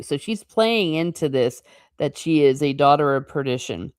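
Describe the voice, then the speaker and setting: A woman hosting a show, reading a classic novel aloud slowly and deliberately, then breaking off into chatty, amused asides. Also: deep voice, animated, a little mellow, smooth, no room sound, clean studio sound. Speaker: host.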